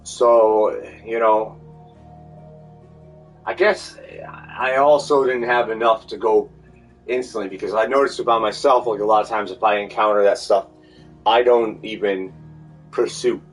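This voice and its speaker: A man with a low voice rambles through a loose stream of thought, stopping and restarting as he goes. He sits back from the mic, and soft music plays underneath. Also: fairly even intonation, measured pace, pauses often. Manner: meandering, many fillers and restarts. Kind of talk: rambling monologue. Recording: distant mic with faint music.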